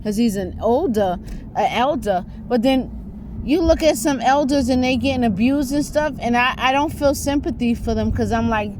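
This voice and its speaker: A woman's voice: a little high, moderate pace, noisy background. Emphatic New woman rambling on. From New York. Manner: emphatic and rambling, with repeated rhetorical questions. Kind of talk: casual spoken monologue.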